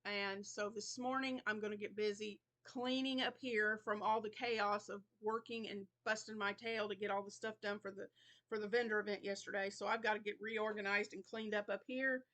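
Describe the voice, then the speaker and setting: A woman's voice: medium pitch, steady tone, moderate pace, a bit bright. A middle-aged woman hosting her crochet channel in casual, rambling chat, tired and yawning now and then. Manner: chatty, rambling, yawns and laughs between thoughts.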